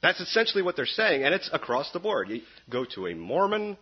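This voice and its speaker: A man preaching a sermon in an animated, sarcastic way, with sudden jumps up in pitch. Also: a little fast, slightly rough, muffled recording.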